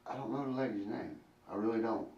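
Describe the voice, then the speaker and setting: Low gravelly guy being questioned by cops, halting answers, far off in an echoey room. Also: fairly even intonation, darkish tone, muffled recording. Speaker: suspect under interrogation. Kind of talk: police interrogation. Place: interrogation room. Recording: echoey room recording from a distant mic, faint background noise.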